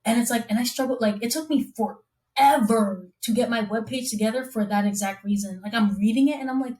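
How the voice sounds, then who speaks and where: Animated woman acting out quoted dialogue. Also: on the high side. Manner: fast, rambling with restarts. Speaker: guest copywriter and copy coach. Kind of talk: casual conversation.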